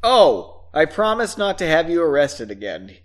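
A man's voice: a little high, very animated, unhurried. A man voicing an earnest, scheming male ruler, reading his lines aloud in a raised, eager, pleading voice.

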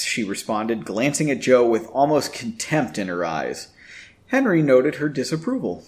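A man's voice: mid-range voice, sing-song, normal speed. A man reading a story aloud, breaking off for wry comments on the writing. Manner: wry, self-interrupting commentary. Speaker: reader.

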